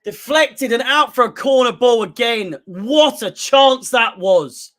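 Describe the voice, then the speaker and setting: A man's voice: very high-pitched, takes it slowly, fairly bright tone. A man hosting a live fan watchalong, calling the play-by-play and swearing freely as he reacts. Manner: play-by-play calls mixed with heavy swearing. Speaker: fan channel host. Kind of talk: live match watchalong commentary.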